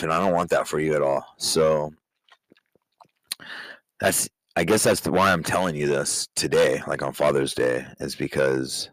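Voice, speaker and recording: A man with a very low voice speaks openly and emotionally, stopping and restarting as he talks straight to his child. The sound is dry and close, with no room around it. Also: a bit bright, no room sound, poor audio. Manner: candid and emotional, halting with restarts. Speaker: podcast host, father speaking to his daughter. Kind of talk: personal podcast monologue.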